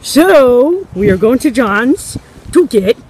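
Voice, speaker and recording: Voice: medium pitch, big pitch swings, takes it slowly. Cast: someone putting on a jumpy, breathless animatronic bunny, shrieking for pizza over traffic noise. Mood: excited. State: out of breath from walking. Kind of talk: comedic role-play vlog.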